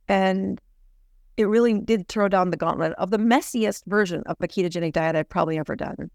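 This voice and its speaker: A woman's voice: mid-range voice, moderate pace, vocal fry, pauses often, a little mellow, no echo, studio quality. A middle-aged woman physician telling a personal story earnestly, with frequent "you know" restarts. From United States. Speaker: physician guest. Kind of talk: conversational storytelling.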